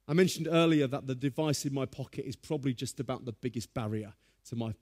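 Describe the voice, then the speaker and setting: A man preaching a sermon, telling stories in a lively, humorous way. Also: medium pitch.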